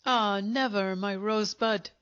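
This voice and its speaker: A woman's voice: medium pitch, fairly even intonation, unhurried, a bit bright, clear, resonant tone, dry recording, close to an everyday voice. A woman doing a courtly, regretful plump coffin maker. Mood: coaxing. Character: serene plump middle-aged male coffin maker, overly polite. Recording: dull lo-fi recording.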